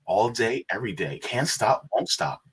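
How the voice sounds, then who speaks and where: A man's voice: lowish voice, very animated, normal speed, slightly rough. A man co-hosting a live stream, greeting viewers and reading chat messages aloud with frequent laughs.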